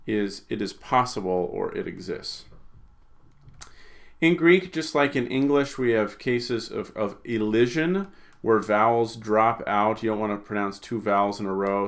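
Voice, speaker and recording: Man, fairly low voice, informal teacher, lots of fillers and restarts. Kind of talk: recorded language lesson.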